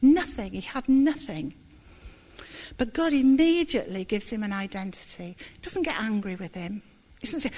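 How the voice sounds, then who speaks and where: Brief: middle-aged woman, slightly high voice, preaching her own testimony, candid, halting, near tears. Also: lively intonation, warm tone. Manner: candid, self-deprecating, halting with restarts. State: close to tears. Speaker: church speaker giving testimony. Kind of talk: sermon with personal testimony.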